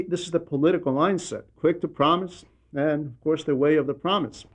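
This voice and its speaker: Man, reader, translated radio talk, earnest storytelling, slightly high voice. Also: darkish tone. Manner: earnest storytelling, addresses listeners directly.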